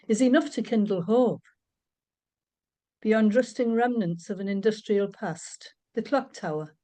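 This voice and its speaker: A woman from Middlesbrough, reading her nature poem calmly and steadily. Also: mid-range voice. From Middlesbrough, England. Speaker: poet. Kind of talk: poetry reading.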